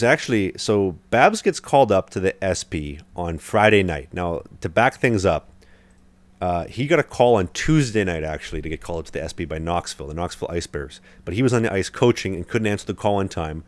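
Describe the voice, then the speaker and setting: A man's voice: deep voice, lively intonation, fairly quick, no room sound. A young man hosting a podcast, telling a long story in casual chat with lots of fillers and restarts. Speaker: podcast host, hockey goalie.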